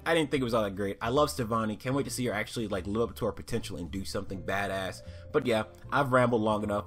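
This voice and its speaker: A man's voice: lowish voice, a bit bright. A young man casually reviewing a cartoon episode, rambling, swearing freely and laughing at his own jokes.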